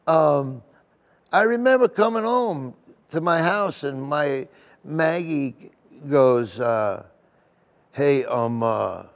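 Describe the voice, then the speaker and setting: A middle-aged man, a comedian, telling stories in an interview in an emotional, rambling way with many restarts. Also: mid-range voice. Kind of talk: sit-down interview storytelling. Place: golf tournament venue.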